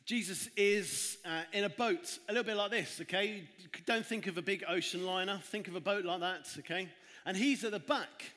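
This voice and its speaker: Higher man giving a church children's talk. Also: moderate pace, few pauses. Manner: lively, dramatic storytelling with asides. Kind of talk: children's sermon and Bible reading. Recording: echoey hall.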